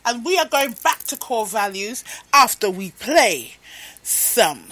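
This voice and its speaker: A woman's voice: medium pitch, animated, a little slow, a bit bright. A woman hosting a radio show, musing aloud in a playful, laughing way between songs. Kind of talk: casual radio presenting.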